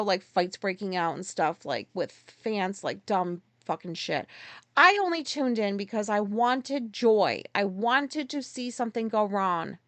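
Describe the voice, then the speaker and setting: A woman's voice: medium pitch, fairly bright tone, no room sound. A woman hosting a solo podcast, ranting in an exasperated, profane, casual way. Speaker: podcast host.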